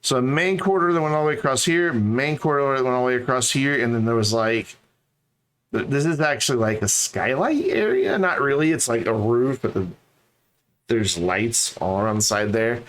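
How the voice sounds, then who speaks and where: A man's voice: mid-range voice, expressive, moderate pace, fairly bright tone. A man streaming a game, chatting casually and rambling to his viewers. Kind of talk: casual live-stream chat.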